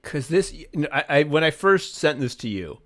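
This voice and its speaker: A man co-hosting a podcast in casual chat, excitable and rambling, breaking into laughter. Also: on the high side, moderate pace. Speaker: podcast co-host.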